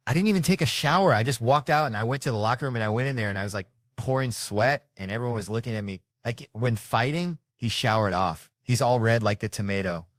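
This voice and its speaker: A man with a Southern US accent telling a profane comic story, acting out the characters with sudden jumps in pitch and loudness. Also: dry recording, clean studio sound. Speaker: comedian storyteller. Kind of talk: casual storytelling.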